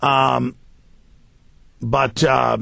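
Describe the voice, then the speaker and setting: A man hosting a talk show, delivering rapid, forceful political commentary with heavy emphasis. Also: medium pitch, level tone, vocal fry.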